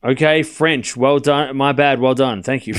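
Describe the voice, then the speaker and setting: A man's voice: medium pitch, fairly even intonation, a little slow, smooth. An Australian man hosting a live tennis watchalong stream, calling the score in a casual, chatty way and often laughing at himself.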